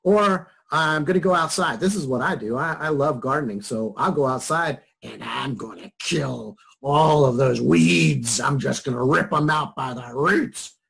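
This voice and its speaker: A man's voice: mid-range voice, a little slow, gravelly, hardly any pauses, fairly bright tone, husky. A middle-aged man teaching psychology over a video call, talking casually, joking and chuckling through personal examples. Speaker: psychology instructor. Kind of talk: casual online lecture.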